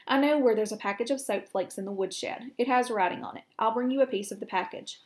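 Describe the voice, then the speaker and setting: A woman's voice: fairly high pitch, brisk, close to an everyday voice. Templeton, a grumbling sarcastic rat, as a woman reads him aloud. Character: grumbling male barn rat, grudging and sarcastic. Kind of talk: reading aloud to children.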